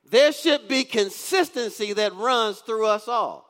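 This male pastor, in his fifties, has a high-pitched, fairly bright voice and a measured pace. He preaches, reads scripture aloud and frequently questions the congregation, his words carrying long reverb through the church sanctuary.

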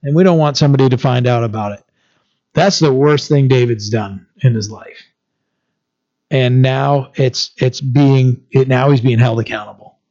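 A man's voice: medium pitch, normal speed, a little mellow. Preaching man, slightly muffled recording. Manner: conversational preaching with fillers and restarts. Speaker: pastor. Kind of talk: sermon. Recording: slightly dull lo-fi sound.

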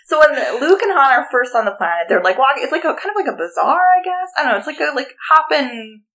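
A woman's voice: high voice, very animated, quick pace, fairly bright tone, low-quality recording. Rambling woman podcast co-host. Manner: rambling, filler-heavy. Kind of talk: casual book-club chat.

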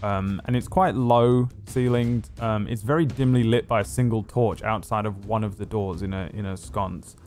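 A man's voice: on the low side, normal speed, few pauses, darkish tone, soft background music. A man narrating as game master of a tabletop game, rambling and hesitant with many fillers.

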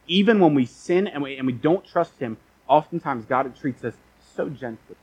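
A man's voice: mid-range voice, slightly rough, poor audio. A young adult man preaching a sermon in an earnest, conversational way, often restarting his sentences. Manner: earnest and conversational, with frequent restarts and acted asides.

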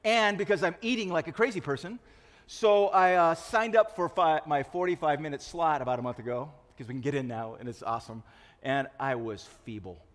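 A man's voice: fairly high pitch, fairly quick. A man in his sixties preaching a sermon, telling confessional stories with self-mocking humor. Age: 60s. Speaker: pastor. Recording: long reverb of a large hall.

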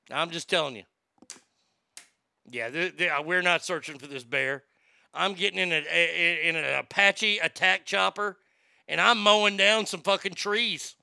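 A man hosting a live show, riffing on the news in a loud, profane, mocking rant full of stammers and jokes. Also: high voice, gravelly, clear, resonant tone, dry recording, clean studio sound. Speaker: live show host reading chat.

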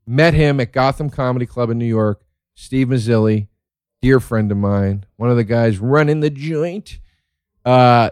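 Excitable, profane man telling stories. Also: fairly low pitch, clean tone, dry recording, studio quality. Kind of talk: casual storytelling monologue.

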